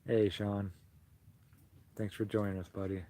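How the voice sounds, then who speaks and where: A soft-spoken, sentimental man hosting a casual livestream chat while he crochets and greets his viewers fondly. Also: fairly low pitch, little pitch movement, unhurried. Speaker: livestream host.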